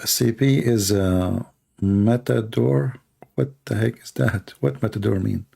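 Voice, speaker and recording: Brief: hoarse, gravelly host with non-native English, argumentative and full of rhetorical questions. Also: male voice, lowish voice, takes it slowly, warm tone. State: hoarse, coughing. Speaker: debate livestream host. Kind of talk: live stream Q&A monologue.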